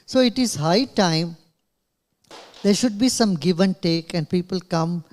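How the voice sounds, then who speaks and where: A man's voice: high voice, a little slow. A man with an Indian English accent answering questions at a press club in short, earnest phrases. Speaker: guest speaker, spiritual leader.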